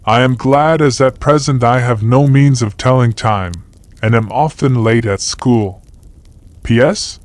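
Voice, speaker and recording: A man's voice: mid-range voice, a little slow, dry recording, close to an everyday voice. A man voicing a cheeky young schoolboy who chatters through a letter full of postscripts, in an audiobook. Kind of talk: audiobook character voice.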